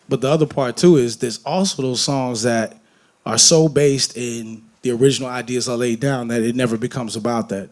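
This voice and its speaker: A man from Detroit talking candidly on a festival stage, telling animated, profane, joking stories and acting out voices. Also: medium pitch. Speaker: guest musician on stage. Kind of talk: candid onstage conversation. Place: festival main stage before an audience.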